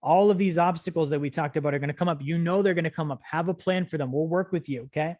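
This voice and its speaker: A man's voice: on the high side, fast, a little mellow, dry recording. A young man hosting a live-streamed finance lesson, talking energetically and asking "right?" and "okay?" over and over to rally his viewers. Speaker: financial education course host. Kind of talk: live-streamed teaching talk.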